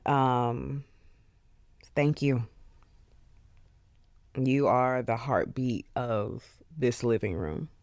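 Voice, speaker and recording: A podcast host speaking alone in an earnest, heartfelt way, with many pauses and fillers, openly emotional. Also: mid-range voice, darkish tone, no room sound, studio quality. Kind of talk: solo reflective podcast monologue.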